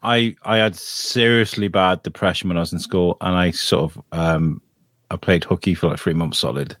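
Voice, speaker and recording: A man's voice: sits low, steady tone, normal speed, dry recording, clean studio sound. A British man co-hosting a podcast in casual chat, rambling and chuckling as he talks. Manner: rambling, self-interrupting, chuckling. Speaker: podcast co-host.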